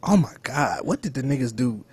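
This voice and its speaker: Animated young man with a husky voice. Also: mid-range voice, a little fast. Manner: animated, joking, swings loud and soft. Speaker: podcast co-host. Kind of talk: casual podcast chat.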